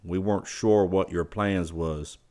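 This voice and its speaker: A man voicing a lanky male ranch hand who talks slowly and plainly. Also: sits low, steady tone, a little mellow. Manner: slow, plain talk.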